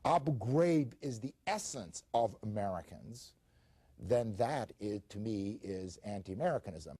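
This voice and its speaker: A man explaining his views at length in a measured way, with frequent fillers. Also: on the low side, expressive, warm tone, husky, no room sound. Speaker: author interviewed. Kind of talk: explanatory talk.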